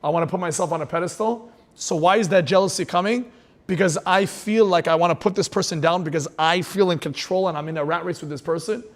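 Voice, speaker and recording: Male rabbi, fervent sermon, storytelling delivery, Hebrew terms mixed in, fairly high voice. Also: fast talker. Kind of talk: inspirational sermon.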